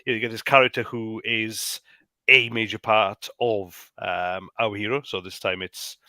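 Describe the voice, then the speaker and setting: Co-host, male, halting casual talker, low and bright, dry close mic. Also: steady tone, no room sound. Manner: halting, repeats words often. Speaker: podcast co-host. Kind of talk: casual chat.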